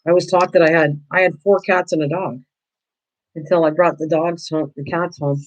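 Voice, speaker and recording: An older woman chats casually while crafting on a livestream, her deep voice moving at a moderate pace with fairly even intonation. She answers viewers by name and often restarts her sentences. The audio sounds dull.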